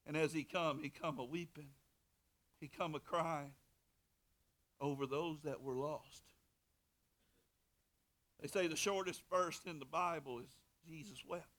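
Pastor, male, high bright voice, impassioned sermon delivery with loud and hushed swings. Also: measured pace, long pauses. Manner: fervent, swings from soft to loud, repeats words.

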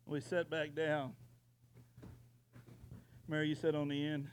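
A man preaching a sermon, moving from quiet storytelling to loud, impassioned preaching. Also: fairly high pitch, monotone, slow, a little hiss or hum. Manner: builds from quiet storytelling to shouting. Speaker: pastor.

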